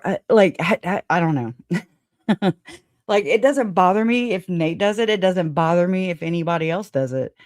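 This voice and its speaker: A woman's voice: lowish voice, darkish tone, dry recording, clean studio sound. A woman hosting a livestream in casual chat, rambling, laughing often and swearing casually. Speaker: livestream host.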